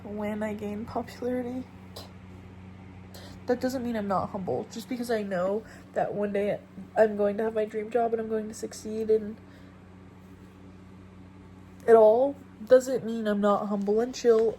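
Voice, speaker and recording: A woman's voice: mid-range voice, steady tone, moderate pace, mellow, a little hiss or hum, low-quality recording. A young woman hosting a podcast alone, chatting in a rambling, slangy, self-mocking way into a phone camera. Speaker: podcast host. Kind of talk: casual solo chat.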